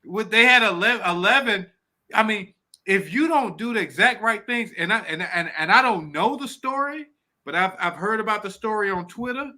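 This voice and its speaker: A man co-hosting a podcast, talking in an excitable, emphatic way with blunt, mild swearing. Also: high-pitched, normal speed. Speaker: podcast co-host. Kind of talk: casual podcast talk.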